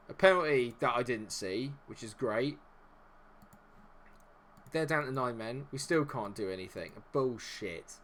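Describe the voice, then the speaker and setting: A man's voice: medium pitch, unhurried, pauses often, a bit bright, a little hiss or hum. A man streaming a football management game live, swearing and groaning at the match and chatting with viewers. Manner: exasperated, swears freely at the game. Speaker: gaming streamer. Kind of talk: live gameplay commentary.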